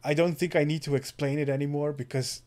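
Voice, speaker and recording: A man's voice: on the high side, fairly even intonation, fast talker, a little mellow. A man co-hosting a gaming podcast, recommending games in an earnest, enthusiastic way. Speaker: podcast co-host. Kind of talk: casual chat.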